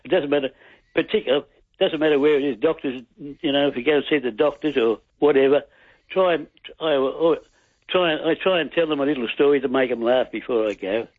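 Rambling husky male caller on phone. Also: a little high, fairly quick, dry recording. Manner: rambling, many restarts and stammers. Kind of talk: phone-in chat and joke telling. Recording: tinny phone line.

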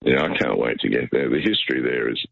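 A man's voice: extremely low pitch, animated, fast talker, gravelly, dry recording. A middle-aged Australian man calling in to a radio show, telling a rambling story full of restarts. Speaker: caller. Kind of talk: phone-in chat. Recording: muffled phone line.

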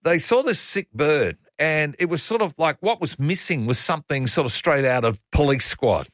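A man's voice: fairly high pitch, expressive, moderate pace, no echo. Male Australian radio host, teasing and jokey, dry close studio sound. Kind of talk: casual radio chat.

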